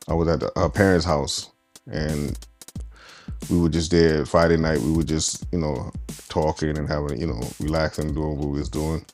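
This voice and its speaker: A man sharing a personal story in a casual group discussion, retelling it step by step with quoted dialogue. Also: rumbling low. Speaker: panel guest.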